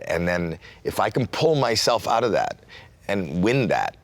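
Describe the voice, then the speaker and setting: A man in his sixties from Canada, a comedian telling a story in an interview and acting out quotes with sudden jumps in pitch. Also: very animated, normal speed, no room sound. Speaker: comedian guest.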